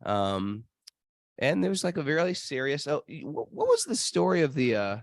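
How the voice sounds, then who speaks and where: A man's voice: fairly high pitch, wildly swooping pitch, normal speed, no room sound. A man hosting a podcast, telling stories in a casual, rambling way with lots of restarts and fillers. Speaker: podcast host. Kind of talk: casual storytelling chat. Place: travel spot near temples.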